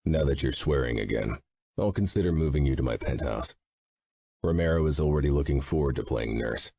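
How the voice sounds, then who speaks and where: A man voicing a stern mafia boss who is worried for his brother, in a dry, measured audiobook reading. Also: rumbling low, animated, mellow, no echo, heavily acted. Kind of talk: audiobook narration.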